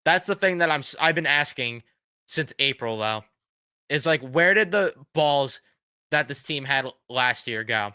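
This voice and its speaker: A man's voice: medium pitch, expressive, measured pace, sharp tone, clear, resonant tone, no echo, studio quality. A man hosting a fan reaction show, ranting bluntly and sarcastically about his team while losing his voice. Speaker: sports fan show host.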